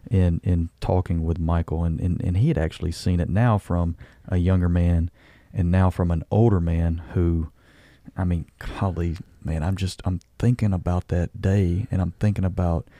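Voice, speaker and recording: A man who is a guest on a podcast, talking in a halting, heartfelt way and often repeating words. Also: deep voice, level tone, warm tone, no room sound. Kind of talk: casual conversation.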